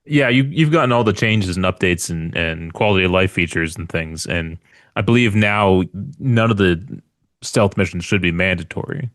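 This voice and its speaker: A man's voice: sits low, expressive, normal speed, fairly bright tone, no room sound, studio quality. A man co-hosting a casual podcast about video games, agreeable and supportive. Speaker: podcast co-host.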